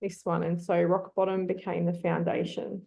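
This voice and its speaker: A woman's voice: on the low side, monotone, normal speed, vocal fry, mellow. A woman teaching an online class, coaxing her students and thinking aloud with frequent ums.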